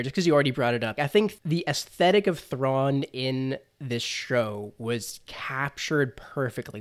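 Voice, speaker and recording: A man's voice: medium pitch, smooth. A man co-hosting a casual fan discussion podcast, speaking enthusiastically with frequent hedging fillers. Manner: enthusiastic, many "kind of" hedges. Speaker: podcast co-host.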